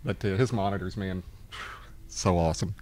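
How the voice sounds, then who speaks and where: A man co-hosting a podcast, telling lively anecdotes in casual chat, laughing often and swearing freely. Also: low voice, moderate pace, dry recording. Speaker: podcast co-host.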